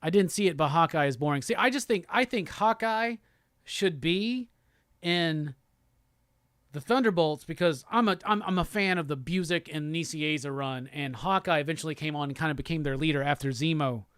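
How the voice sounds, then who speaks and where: A man's voice: fairly high pitch, normal speed, a bit bright, smooth, dry recording, studio quality. A man hosting a live show, chatting loosely and profanely while reading viewer comments aloud. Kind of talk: casual livestream chat.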